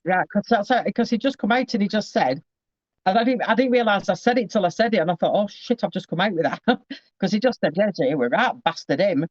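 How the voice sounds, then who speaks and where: Guy doing a psychic reading on a video call, high voice, rambly, keeps saying hang on, dull dry sound. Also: quick pace, dry recording. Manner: chatty, rambling, keeps breaking off with asides. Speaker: psychic medium giving a reading. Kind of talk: casual one-to-one reading.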